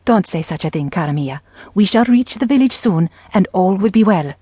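A woman voicing a dignified, sharp-tongued middle-aged mother who chides and scolds in exasperation. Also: medium pitch, expressive, normal speed, husky, dry recording. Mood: scolding. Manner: chiding, exasperated, haughty.

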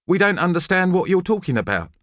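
Man voices a scheming schoolboy feigning innocence, polite, pitched high, dry booth sound. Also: very animated, fast, a bit bright, no room sound. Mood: innocent. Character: sly, falsely polite schoolboy troublemaker.

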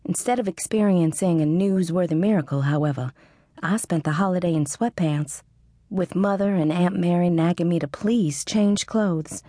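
Wry woman narrating, mellow and dry. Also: fairly low pitch, moderate pace, no room sound. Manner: wry, sarcastic. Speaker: audiobook narrator. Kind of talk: scripted first-person narration. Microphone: studio close mic.

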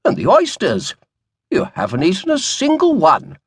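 A man's voice: high-pitched, wildly swooping pitch, normal speed, slightly rough, dry recording, pitched above the performer's own voice, heavily acted. A man voicing a timid, plaintive old male butler who fusses over his master. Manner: plaintive, fussing.

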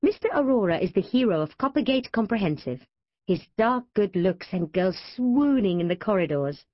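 A woman narrating a children's audiobook with an expressive, animated reading on a close studio mic. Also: medium pitch, normal speed, dry recording, highs cut off. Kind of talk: storybook narration.

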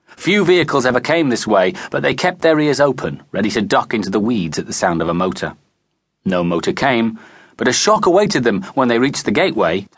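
Expressive male storybook narrator. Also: on the low side, breathy edge, no echo. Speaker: audiobook narrator. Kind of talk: scripted narration. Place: recording studio. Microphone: close studio mic.

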